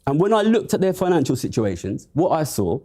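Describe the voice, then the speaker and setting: Rapid-talking male debater, 30s, mellow dark tone, rhetorical. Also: fairly high pitch, very animated. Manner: emphatic, rhetorical. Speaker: economics commentator. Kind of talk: debate argument.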